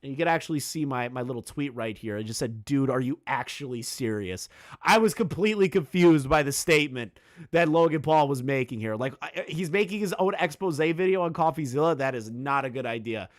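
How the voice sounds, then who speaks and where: Animated, sarcastic male commentator. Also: mid-range voice, a little fast. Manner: sarcastic, mocking, swears a lot; filler-heavy, repeats words when restarting. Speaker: commentary YouTuber. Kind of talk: reaction commentary.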